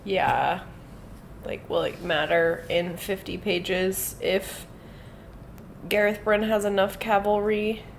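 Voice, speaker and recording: A woman co-hosting a podcast with a gravelly, fry-heavy voice, chatting easily and agreeing often. A faint hiss of ambient noise sits behind her. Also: mid-range voice, fairly even intonation, slow. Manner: agreeable, lots of short affirmations. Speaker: podcast co-host. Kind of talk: casual chat.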